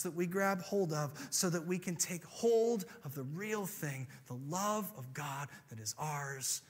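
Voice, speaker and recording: A man preaching a sermon and telling a story in an animated way, moving from soft, quiet passages to emphatic, rising ones. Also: a little high, measured pace, hardly any pauses.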